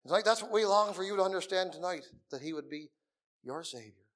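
A middle-aged man preaching a sermon in a meeting room, earnest, dropping to soft murmurs and rising again for emphasis. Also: high-pitched, expressive, quick pace.

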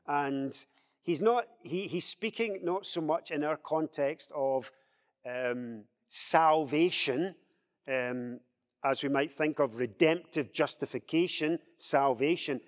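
Animated man leading Bible study in a reverberant hall. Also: on the high side, slow pace. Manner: animated, acts out quoted speech in a raised voice.

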